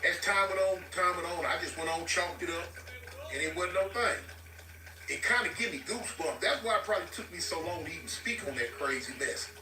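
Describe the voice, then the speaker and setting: A man's voice: sits high, brisk, noisy background. A man casually telling a story to his viewers and acting out the people he quotes. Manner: animated, acts out quoted dialogue. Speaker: vlogger telling a prison story. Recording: roomy sound from a distance with faint music.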